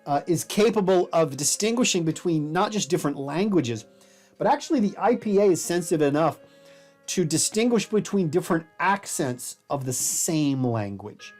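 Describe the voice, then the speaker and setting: A man's voice: a little high, darkish tone. Male college lecturer, casual and explanatory, self-deprecating, faint music under.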